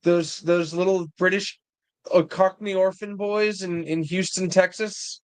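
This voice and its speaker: Quick-quipping man, dry close sound. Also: high-pitched, steady tone, clear, resonant tone, no room sound. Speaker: guest fan editor. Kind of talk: casual film discussion.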